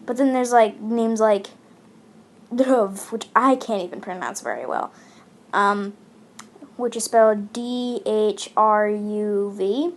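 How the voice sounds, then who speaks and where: A woman's voice: mid-range voice, takes it slowly. A woman from India chatting casually as she comments on a game, rambling with many fillers. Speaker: gaming channel host.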